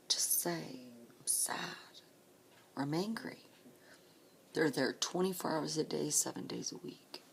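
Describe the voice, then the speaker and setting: Gravelly, whispery woman in her forties. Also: low-pitched. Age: 40s. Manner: slow, soft-spoken, often near a whisper, earnest. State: holding back tears. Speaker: vlogger. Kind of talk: personal vlog message.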